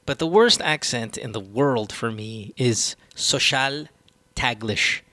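A man's voice: medium pitch, slow pace, sharp tone, no echo. A man hosting a podcast, ranting casually with strong opinions and plenty of swearing. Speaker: podcast host.

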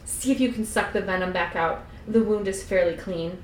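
Woman reading as a calm but urgent vampire doc giving orders, echoey room. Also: mid-range voice, moderate pace, a little hiss or hum, natural voice. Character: urgent, steady male vampire doctor.

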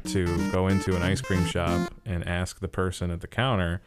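A man's voice: sits low, monotone, normal speed, over music. A young man co-hosting a casual podcast, telling stories with dry, joking quips. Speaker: podcast co-host. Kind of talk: casual chat.

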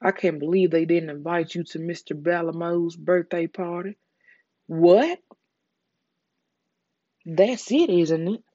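A Southern US reader puts on a worldly, condescending young starlet, her lines drawn out and airy. The voice stays mellow and soft, fit for ASMR story reading. The recording is dry and dull, like a lo-fi track. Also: medium pitch, moderate pace, no echo, lightly acted. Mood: prying.

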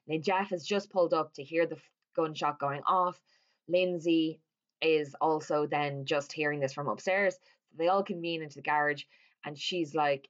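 A woman's voice: sits low, lo-fi sound. A woman casually recapping a horror film plot, chatty and swearing freely as she acts out the characters' lines. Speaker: movie recapper.

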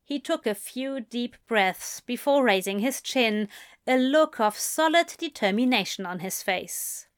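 A woman reading a romantic story aloud in a slow, measured way. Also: fairly high pitch, expressive, clean tone. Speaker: reader. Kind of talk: reading fan fiction aloud.

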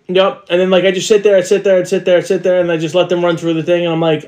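A man's voice: a little high, steady tone, fast, hardly any pauses, a little mellow. A man co-hosting a casual podcast chat, giving blunt, profane opinions and quoting people in his anecdotes. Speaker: podcast co-host.

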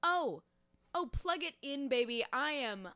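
Bright, high, lively woman podcast host. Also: unhurried. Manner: animated, gushing, reads out her notes. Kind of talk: casual comedic chat.

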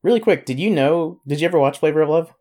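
A man's voice: a little high, fast. A man co-hosting a casual podcast, joking and laughing and reading an advice letter aloud. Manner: joking, laughs often, lively. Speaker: podcast co-host.

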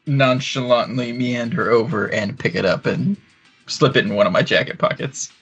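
A man's voice: mid-range voice, normal speed, a bit bright, breathy edge, muffled recording, soft background music. A man playing his character in a tabletop game, laid-back and amused. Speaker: player. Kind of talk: casual tabletop play.

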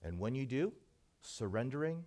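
A man preaching a sermon, shifting between soft hushed passages and emphatic points. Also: mid-range voice, big pitch swings, moderate pace. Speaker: pastor.

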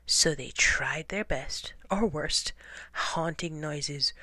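A woman reading a children's picture book aloud in an expressive way, dropping into dramatic whispers. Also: deep voice, slow, no room sound. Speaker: storyteller.

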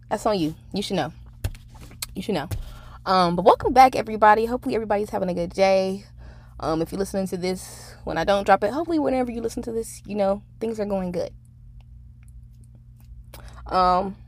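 Casual young woman podcast host. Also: medium pitch. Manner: rambling and candid, many fillers, frank swearing. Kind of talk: casual solo podcast monologue.

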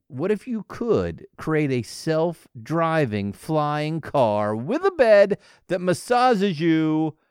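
A man's voice: a little high, no echo, clean studio sound. A man hosting a podcast solo, talking in a playful, joking, motivational way. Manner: playful, jokey, animated. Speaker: podcast host. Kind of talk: casual solo podcast monologue.

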